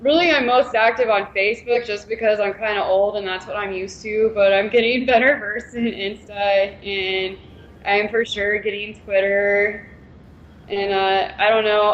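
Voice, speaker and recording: A woman guest, a pickleball player and coach, chatting casually and laughing often; she calls her own voice monotone. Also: medium pitch, moderate pace, dull audio. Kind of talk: casual interview chat.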